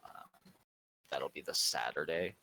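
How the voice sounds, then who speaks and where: A man hosting a roleplay server's community meeting, rambling and halting with lots of fillers. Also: very deep voice, bright, forceful tone, slight background noise, poor audio. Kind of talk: casual community meeting talk.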